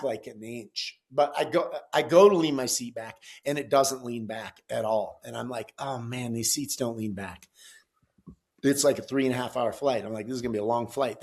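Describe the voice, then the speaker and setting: A middle-aged man telling a story in a casual, animated way, swearing and acting out the quotes loudly. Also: on the high side. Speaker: podcast guest, gym founder.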